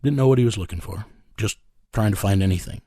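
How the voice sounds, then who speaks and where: A middle-aged man being interviewed, telling a rough story in a blunt, profane way and chuckling as he goes. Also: lowish voice, fast talker, warm tone, dry recording, clean studio sound. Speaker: interviewee recounting a rescue case.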